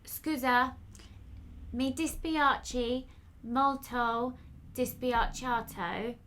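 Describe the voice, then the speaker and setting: A woman voicing a flustered London woman apologising to her neighbour, speaking loudly with over-enunciated words and halting broken Italian. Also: on the high side, steady tone, a little hiss or hum, voice pushed up. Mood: apologetic.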